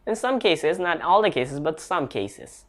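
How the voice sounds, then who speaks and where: Speaking with a fairly high pitch and expressive delivery, a man gives an informal English lesson over the internet. He talks slowly, hesitates, starts over often and uses non-native grammar.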